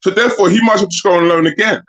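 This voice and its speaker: A man's voice: sits high, rapid-fire, rough recording. Blunt man questioning on a panel. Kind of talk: casual podcast chat.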